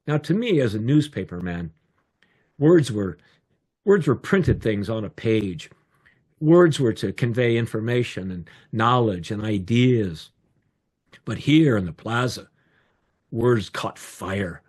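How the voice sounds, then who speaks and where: An older man telling a personal story in an animated, expressive way over a video call. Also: mid-range voice, unhurried, breathy edge. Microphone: video call microphone.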